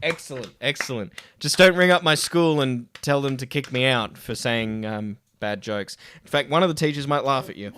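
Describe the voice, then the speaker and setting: A man's voice: mid-range voice, normal speed, hardly any pauses, fairly bright tone, a little hiss or hum. An Australian man streaming, telling school stories with plenty of laughs and swearing. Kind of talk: casual chat on a live stream.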